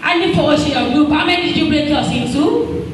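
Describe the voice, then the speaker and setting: A woman teaching a class, asking pupils questions in a slow sing-song way. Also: high-pitched. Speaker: teacher contestant. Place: large hall at a live event. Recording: echoey hall from far off, faint noise.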